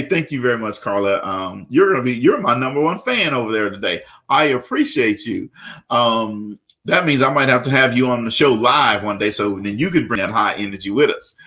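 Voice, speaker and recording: A man from Louisiana hosts a live radio talk show in a mid-pitched voice. He sounds upbeat and loose, often stammering and repeating words as he goes. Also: sharp tone.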